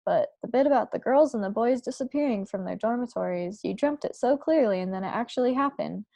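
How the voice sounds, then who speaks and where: A woman reading aloud, voicing an anxious older maid who speaks softly and deferentially. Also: on the high side, animated, a little fast, gravelly, no echo. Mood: fretful.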